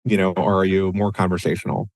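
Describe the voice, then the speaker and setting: Low-voiced man co-hosting a podcast, dry sound. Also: flat delivery, fast, a little mellow, dry recording. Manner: conversational, many restarts and "you know"s. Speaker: podcast co-host. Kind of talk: casual podcast discussion.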